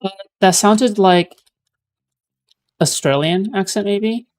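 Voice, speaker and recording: A man's voice: high voice, slow pace. A man streaming, giving casual commentary on a clip in a rambling, sarcastic way with lots of filler words. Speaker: streamer reacting to clips.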